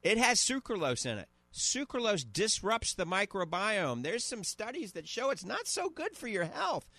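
New orleans guy hosting a radio call-in show, upbeat and chatty, kinda high voice. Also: very animated, normal speed, bright, forceful tone, dry recording. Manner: chatty, enthusiastic product recommendations. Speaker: radio show host and eye doctor. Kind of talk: casual call-in radio chat.

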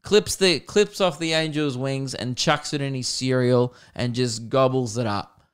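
A young man hosting a podcast, telling a comic story in an animated, self-mocking way and swearing freely. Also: mid-range voice, a little slow, clean tone. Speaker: podcast host. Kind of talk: comedic storytelling.

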